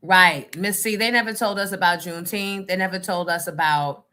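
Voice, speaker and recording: Outspoken NJ woman, livestream host, bright and forceful delivery. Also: on the low side, normal speed. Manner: outspoken, talks back to the chat. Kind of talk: casual livestream chat.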